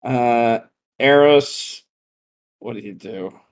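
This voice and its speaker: Slow-talking male game master, hesitant, full of fillers. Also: mid-range voice. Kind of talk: narrating a tabletop game.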